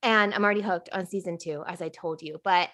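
A woman from Virginia hosting a podcast interview, bubbly and animated, laughing often as she chats. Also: lowish voice, a little fast. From Virginia, USA. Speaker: podcast host. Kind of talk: casual interview chat.

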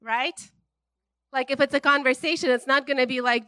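A woman preacher giving a casual, conversational sermon, chatty and animated, often checking in with "right?" and laughing. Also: sits high, moderate pace, dry recording.

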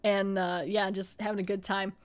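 At a moderate pace, with a mid-range voice and little pitch movement, a young woman hosts a podcast reviewing TV episodes. Her recap of an episode is chatty and rambling, packed with laughs and filler words.

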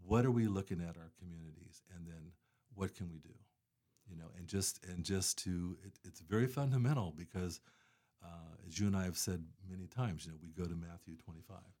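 A man's voice: sits low, a little fast, warm tone. A man talking casually as a guest about charity work, rambling with many fillers and restarts. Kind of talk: casual conversation.

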